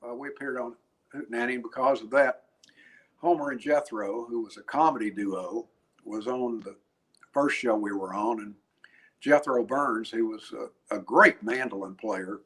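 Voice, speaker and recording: An older man, a guest musician, telling anecdotes in an interview in a chatty, animated way, laughing and restarting his phrases. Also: fairly low pitch.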